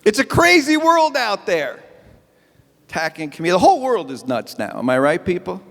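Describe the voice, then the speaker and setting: A man's voice: sits high, normal speed, creaky. A man doing a chatty, self-mocking stand-up comedy set at an evening event. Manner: animated, chatty, self-mocking, acts out bits. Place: event hall with live audience. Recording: long hall reverb.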